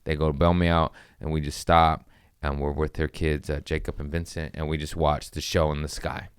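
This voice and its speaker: Deep-voiced, animated young Californian man. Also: moderate pace, clean tone, no echo, clean studio sound. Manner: animated, acts out quotes with sudden pitch jumps, swears freely. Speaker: comedian telling a story. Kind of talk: casual storytelling on a podcast.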